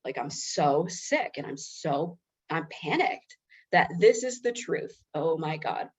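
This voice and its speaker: A woman's voice: deep voice, lively intonation, slow pace, slightly rough. A woman presenting in a webinar, telling a personal story in a candid, self-mocking, conversational way. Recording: slightly dull lo-fi webinar audio.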